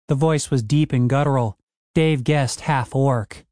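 A man narrating a comic fantasy audiobook in a wry, lively storytelling manner. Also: medium pitch, measured pace, no room sound, studio quality.

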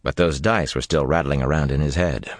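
A man narrating a fantasy audiobook in an expressive, dramatic storytelling manner. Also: rumbling low, brisk, no echo, studio quality.

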